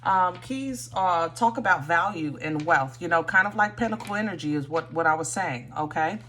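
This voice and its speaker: A woman's voice: on the low side, animated, moderate pace, bright, forceful tone, a little hiss or hum. A woman giving a casual tarot reading, thinking aloud with many fillers and restarts. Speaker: tarot reader.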